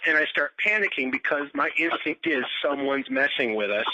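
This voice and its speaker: A man's voice: fairly high pitch, moderate pace, few pauses, bright, forceful tone. A man who is a chef talks eagerly as a podcast guest and laughs readily. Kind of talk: casual chat. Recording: muffled podcast recording.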